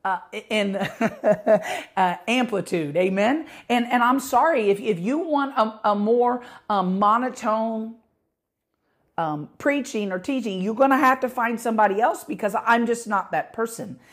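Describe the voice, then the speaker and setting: A middle-aged woman pastor preaching with passion, her voice growing louder as she gets excited. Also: fairly high pitch, a little slow. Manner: passionate, rising volume when excited. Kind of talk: podcast sermon.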